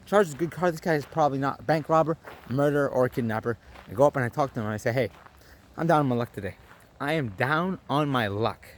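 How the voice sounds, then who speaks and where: A young man vlogging, telling a story with animated delivery and acting out his own lines. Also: mid-range voice, rapid-fire, a little hiss or hum. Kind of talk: storytelling vlog.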